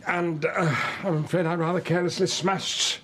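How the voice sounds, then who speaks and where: An actor playing a stiff, formal gentleman in a television soap. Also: fairly high pitch, steady tone, moderate pace, a little hiss or hum, lightly acted.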